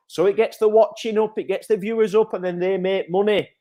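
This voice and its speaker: A man, a childcare provider giving parents an energetic, reassuring live update. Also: a little fast, hardly any pauses. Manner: energetic, repetitive, upbeat sales-pitch reassurance.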